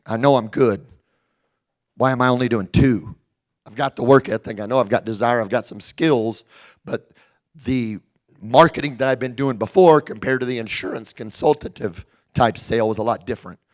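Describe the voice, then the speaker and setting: A man tells a story from his own working life. He is animated and jumps in and out of the voices of the people he quotes. His voice sits at an ordinary middle pitch for a man. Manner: animated, acts out quoted dialogue. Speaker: storyteller recounting his sales career. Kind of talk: energetic personal storytelling.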